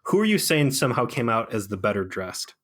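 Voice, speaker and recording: A man's voice: mid-range voice, sing-song, a little fast, fairly bright tone. Rambling, sarcastic male podcast co-host. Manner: rambling, sarcastic, lots of fillers. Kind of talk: casual chat.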